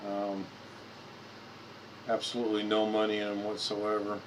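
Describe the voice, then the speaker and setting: A man with a slightly low voice chats casually on his own live stream. He rambles and repeats himself while clicking through photos at his computer. A faint hum sits in the background. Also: monotone, normal speed.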